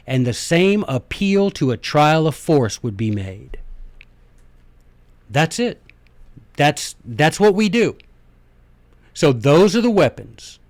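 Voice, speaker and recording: A man hosting a podcast, giving a casual, animated lecture on history and politics and slipping into little skits. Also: on the high side, no echo. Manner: animated, folksy, acts out little skits in voices. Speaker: podcast host.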